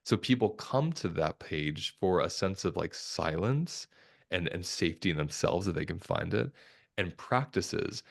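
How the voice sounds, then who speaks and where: A man, a somatic therapist, talking as a guest in a podcast interview in a calm, reflective, measured way. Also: deep voice, gravelly. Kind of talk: conversational interview talk.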